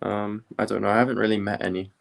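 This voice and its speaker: A young man from the UK chatting casually on a study live stream, rambling with many pauses and fillers. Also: on the low side, creaky. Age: young adult. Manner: relaxed, rambling, many ums.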